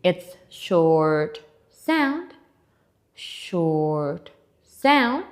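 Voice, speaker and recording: Very slow, lively woman teaching phonics. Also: fairly low pitch. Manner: slow, clearly articulated, exaggerated letter sounds; encouraging, repeats and invites kids to join in. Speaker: English teacher for children. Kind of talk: children's phonics lesson.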